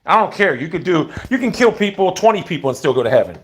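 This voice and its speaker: A middle-aged man talking in a casual, rambling monologue, blunt and full of swearing, often sinking to a low mutter. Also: very animated, fast talker. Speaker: vlogger.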